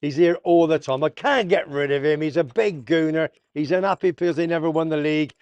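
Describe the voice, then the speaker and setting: A man's voice: a little high, brisk, a little mellow, dry recording, muffled recording. A man hosting a casual sports roundup vlog, full of jokey banter and slang. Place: south of Tenerife.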